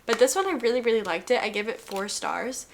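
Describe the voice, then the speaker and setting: A young woman in her twenties chats casually about her month of reading. Her voice sits a little high, and she leans on "like" and loose restarts as she talks. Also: expressive, fairly quick, a little hiss or hum. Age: 20s. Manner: chatty, heavy use of "like", giggly. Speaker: book vlogger. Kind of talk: casual reading wrap-up chat.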